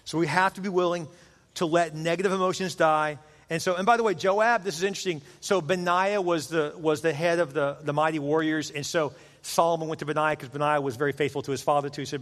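A high-voiced man delivers an animated sermon, slipping into playful character voices as he tells stories. His words ring out with a long reverb that fills a large hall. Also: fast. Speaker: pastor.

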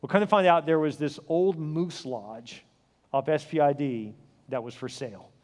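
Middle-aged guy preaching, fast and a bit high, acts out all the voices, echoey church hall. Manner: animated storyteller, acts out dialogue, swings from loud to hushed. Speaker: pastor. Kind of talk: sermon storytelling. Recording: long hall reverb.

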